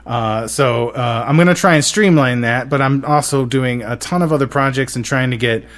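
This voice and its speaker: A man hosting a casual podcast, excitable and rambling, with many fillers. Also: medium pitch, moderate pace. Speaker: podcast host.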